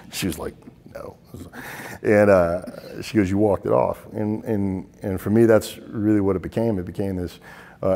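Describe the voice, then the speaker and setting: A middle-aged man, a military veteran, tells stories in an interview, earnest and halting, often repeating words as he goes. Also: lowish voice, mellow, big-room sound. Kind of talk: interview storytelling.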